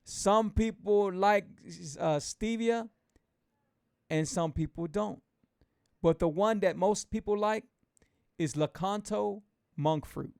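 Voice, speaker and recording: This is a man with a gravelly, slightly high voice, hosting a live stream as a keto coach. He talks loosely with many restarts and repeats each point. The sound is close and dry, with no room around it. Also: slow, long pauses, a little mellow, no room sound. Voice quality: fervent, pitching and repeating himself. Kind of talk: live-stream talk to viewers.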